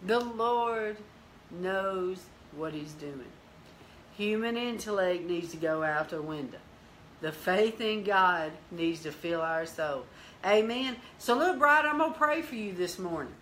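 A woman host of a Christian teaching show recounts a personal testimony, playing out each person's lines as she goes. Her voice is bright and forceful, and she moves between plain storytelling, exclamations of praise and prayer. Faint noise sits underneath. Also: mid-range voice, a little slow. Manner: lively storyteller, acts out dialogue, bursts into praise.

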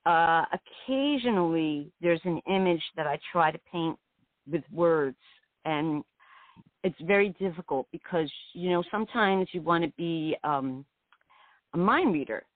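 A woman's voice: lowish voice, lively intonation, a little slow, no room sound. A woman poet being interviewed on the radio, speaking in a meandering, reflective way. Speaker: poet guest. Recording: tinny phone line.

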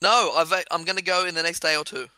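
A man with a strikingly bright, forceful voice, pitched a little high, chatting on his podcast. He is opinionated and laughs often, and the sound is dry and close. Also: fast talker, clean tone, no room sound. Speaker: podcast host. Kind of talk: casual chat.

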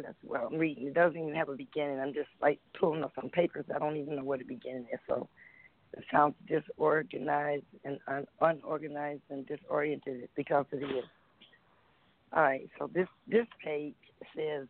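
A man's voice: on the high side, fairly even intonation. A man hosting a call-in radio show, chatting casually and reading a poem aloud in a rambling, giggly way. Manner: giggly, rambling, reads haltingly. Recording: tinny phone line.

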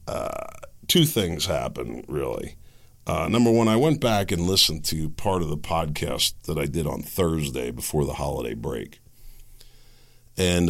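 A man hosting an opinion podcast, talking in an agitated, sarcastic rant full of rhetorical questions and halting restarts. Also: extremely low pitch, creaky, fairly bright tone. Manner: agitated, ranting with sarcastic laughs. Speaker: podcast host.

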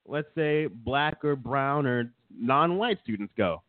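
A man's voice: medium pitch, lively intonation, takes it slowly, no echo. A man co-hosting a casual political chat show, sarcastic and mocking, who laughs often. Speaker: podcast co-host. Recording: dry, tinny phone-like sound.

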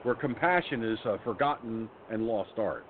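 A man's voice: on the low side, moderate pace. A man hosting a radio talk show who tells stories in a blunt, angry, profane rant. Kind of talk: ranting personal storytelling. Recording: phone-like line with faint noise.

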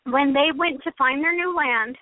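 High-voiced woman on a tinny call. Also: moderate pace, no room sound. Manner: opinionated, laughs often. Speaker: podcast co-host. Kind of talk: casual chat. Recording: tinny phone-line call, dry.

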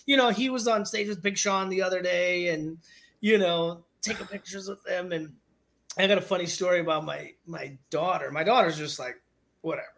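This high-voiced man in his forties manages musicians and is a guest on an interview show. He talks at a normal speed with some vocal fry, spinning stories in a relaxed, lively way and laughing a lot.

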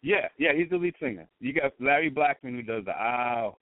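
A man with a Boston accent, a guest chatting casually in an interview, relaxed and rambling with frequent restarts. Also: mid-range voice, normal speed, no room sound. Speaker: guest, radio show host. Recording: tinny phone-like line.

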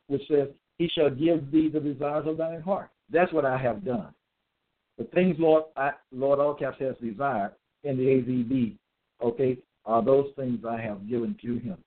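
A man's voice: mid-range voice, normal speed. A man giving a solo religious monologue, reading scripture verses aloud and commenting on each one, often repeating phrases and checking in with "okay?". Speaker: self-styled preacher. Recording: tinny phone-like sound.

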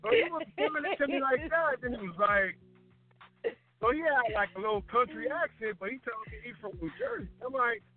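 A man telling a casual story in chat, animated and acting out the voices of the people he quotes. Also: extremely high pitch, a little fast. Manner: animated, acts out quoted lines. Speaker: guest DJ. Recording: tinny phone-line sound with faint music.

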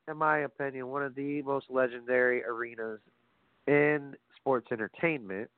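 A man ranting casually about wrestling, profane and animated, addressing his audience directly. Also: mid-range voice, dry recording. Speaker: wrestling commentary host. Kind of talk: casual opinionated wrestling talk. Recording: phone-like lo-fi audio, dry.

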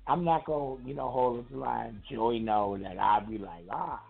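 A man's voice: medium pitch, fairly even intonation, normal speed. A man calling in to a talk show, chatting casually in a laid-back, slangy way and laughing often. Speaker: caller. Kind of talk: casual call-in chat. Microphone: phone. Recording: gravelly voice over phone line.

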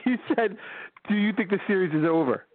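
A man's voice: sits high, a little fast, no echo, phone-quality sound. A man co-hosting a casual sports podcast, answering in short, dry, teasing replies. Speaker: podcast co-host.

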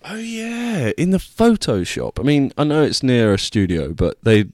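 A man's voice: medium pitch, sing-song, normal speed, darkish tone, dry recording, clean studio sound. A young man vlogging, telling a rambling, self-deprecating story with casual swearing.

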